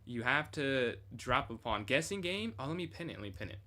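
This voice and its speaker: A man's voice: mid-range voice, big pitch swings, brisk, pushed and bright. A young man casually reviewing his own chess game on a stream, thinking aloud and chatting with viewers.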